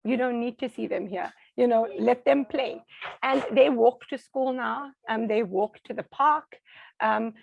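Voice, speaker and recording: South African woman, middle-aged, gravelly and husky, lively storyteller, casual interview. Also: fairly high pitch, no room sound, low-quality recording. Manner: animated storyteller, acts out quoted voices. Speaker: interview guest. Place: home.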